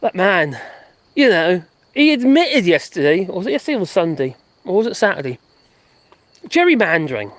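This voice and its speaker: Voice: medium pitch, very animated, normal speed, long pauses, dry recording. A live-stream host, chatting in a rambling way from a garden and laughing often. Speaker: livestream host. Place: outdoors in a garden.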